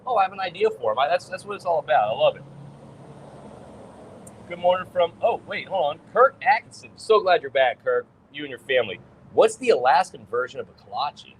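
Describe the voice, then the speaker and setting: Man, fairly high voice, upbeat livestream host, chatty, faint traffic noise behind. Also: animated, a little fast, low-quality recording. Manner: upbeat, chatty, gives shout-outs. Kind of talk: casual livestream chat.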